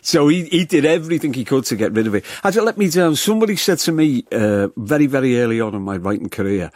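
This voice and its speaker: A man with a Scouse accent, a writer speaking as a guest in a radio studio discussion, telling animated anecdotes. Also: medium pitch, fast, no room sound.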